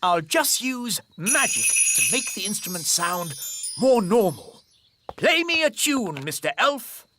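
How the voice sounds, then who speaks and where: A man's voice: sits high, sing-song, measured pace, noisy background. A man voicing a self-satisfied elf king in a cartoon, smug and pleased with himself.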